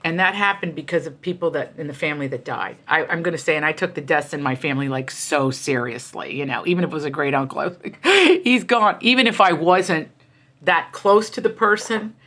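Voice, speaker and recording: Passionate, bright-voiced woman storyteller. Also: low voice, a little fast. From United States. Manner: passionate, emphatic, jumps into quoted voices. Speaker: author and guest. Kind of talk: animated conversational storytelling.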